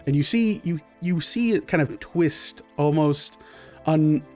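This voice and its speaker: A man's voice: on the high side, expressive, a little slow, a little mellow, soft background music. Rambling male game master. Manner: rambling, many fillers. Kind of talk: narrating a tabletop game.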